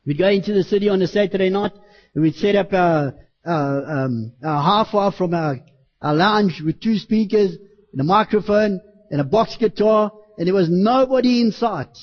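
High male preacher, impassioned sermon delivery with shouted peaks, muffled lo-fi church recording. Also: normal speed. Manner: impassioned, bursts into shouting when acting out street preaching.

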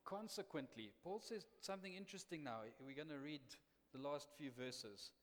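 A man preaching a sermon as a missionary, dramatic, swinging between loud emphasis and hushed quiet. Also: a little high, normal speed. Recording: long hall reverb.

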